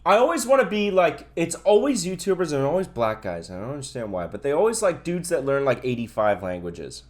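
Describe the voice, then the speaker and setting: A man co-hosts a casual podcast chat, his voice a touch high and swinging widely in pitch. He argues back and forth with his co-host and laughs often. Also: a little fast. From Canada. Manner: lively, argumentative, laughs often.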